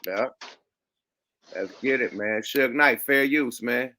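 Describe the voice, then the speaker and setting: A man's voice: mid-range voice, slow, pushed and bright. A man hosting a podcast in casual chat, profane and slangy, with easy laughing banter. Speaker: podcast host.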